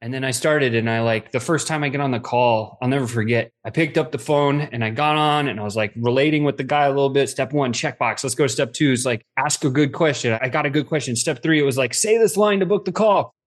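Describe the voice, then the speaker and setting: A middle-aged man, a podcast guest, telling stories in a casual, animated way and acting out the quotes. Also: mid-range voice, quick pace, hardly any pauses. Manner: animated, acts out quotes with swearing. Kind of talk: casual storytelling.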